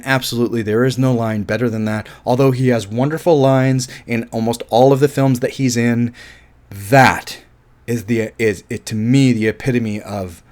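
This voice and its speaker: A man giving a casual, rambling film review, thinking aloud and often restarting his sentences. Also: medium pitch.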